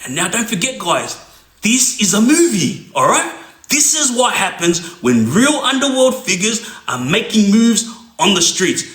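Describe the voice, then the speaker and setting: A man's voice: high-pitched, very animated, measured pace, a bit bright, reverberant. A man telling a crime story casually, streetwise, often checking in with "yeah?". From Australia. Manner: streetwise, repeats "yeah?" to listener.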